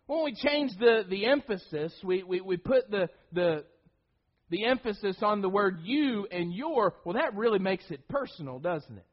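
A man's voice: sits high, lively intonation, moderate pace, dull audio. A man preaching a sermon, emphatic, often repeating words and restarting phrases.

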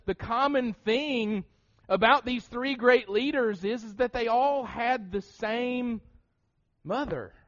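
A man's voice: sits high, dull audio. A man in his thirties with an Appalachian American accent, preaching a sermon with lots of rhetorical questions and restarts into a pulpit mic in a church. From Southern United States. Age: 30s. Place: church sanctuary. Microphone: shared pulpit mouthpiece mic.

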